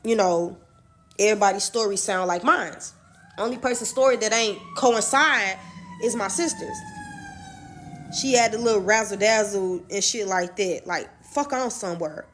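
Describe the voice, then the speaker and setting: A woman with a somewhat high voice tells a personal story in a loose, conversational way. She leans on slang and swearing, talking straight to the listener. It is a casual storytime monologue. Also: fairly bright tone. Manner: loose, slangy, profane telling.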